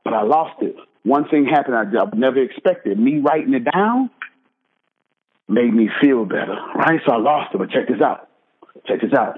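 A man's voice: mid-range voice, animated, normal speed. A man in his thirties with a Texan accent, emphatically telling his own life story and keeping his listeners hooked with repeated asides. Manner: emphatic storyteller, keeps asking "right?" and "check this out". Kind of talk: animated personal testimony. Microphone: phone call. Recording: husky voice over a tinny phone line.

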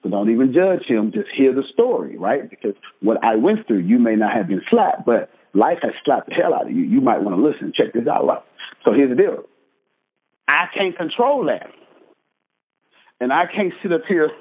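A man's voice: medium pitch, very animated, moderate pace. A man in his thirties with a Texan accent, emphatically telling his own life story and keeping his listeners hooked with repeated asides. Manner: emphatic storyteller, keeps asking "right?" and "check this out". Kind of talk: animated personal testimony. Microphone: phone call. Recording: husky voice over a tinny phone line.

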